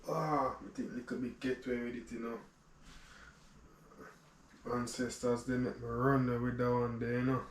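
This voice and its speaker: A man's voice: mid-range voice, little pitch movement, moderate pace. A man with a Jamaican accent casually chatting to his viewers as he cooks in his home kitchen, easygoing and talkative. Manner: easygoing, talks to viewers while cooking. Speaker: cooking vlogger. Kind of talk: casual cooking chat. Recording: roomy, far from mic, background noise.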